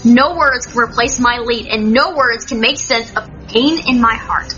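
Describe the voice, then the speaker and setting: Woman narrator, high, bright voice, dramatic and indignant, home-style reading with slightly muffled sound and faint music. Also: moderate pace. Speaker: audiobook reader. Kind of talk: first-person fan fiction narration.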